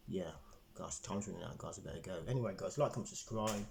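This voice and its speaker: A man's voice: low voice, a little fast, gravelly, few pauses, a little mellow, a little hiss or hum, poor audio. A man telling a rambling storytime vlog, repeating himself with lots of fillers. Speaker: vlogger.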